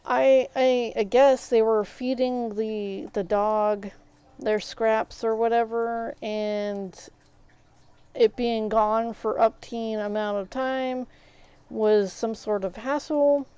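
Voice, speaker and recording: A woman's voice: on the high side, steady tone, slow, dark tone, clean tone, no echo, highs cut off. A woman streaming a game, casually telling a long rambling story and retelling conversations with "I was like".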